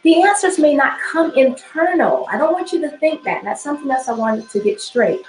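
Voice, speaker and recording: A woman's voice: high voice, lively intonation, normal speed, echoey room, soft background music, rough recording. A woman spiritual teacher giving an instructional talk, often repeating phrases and checking in with "okay?".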